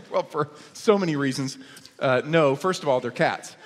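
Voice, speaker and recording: A middle-aged man preaches to his congregation in a slightly high voice, mixing humorous stories with lively exclamations. His sermon rings through a church sanctuary with a long, hall-like reverb. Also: moderate pace. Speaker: pastor.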